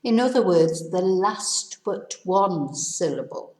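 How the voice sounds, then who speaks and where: A woman's voice: on the low side, lively intonation, slow, a little mellow. A middle-aged woman teaching in a casual, chatty way, explaining step by step with a self-deprecating aside now and then. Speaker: Spanish teacher. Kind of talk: casual spoken lesson. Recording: echoey room.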